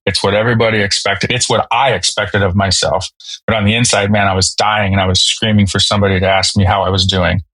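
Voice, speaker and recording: A man in his thirties, a podcast guest telling a personal story in a halting, emotional way with many fillers and restarts. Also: on the low side, little pitch movement, pushed and bright, dry recording, low-quality recording. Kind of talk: candid storytelling.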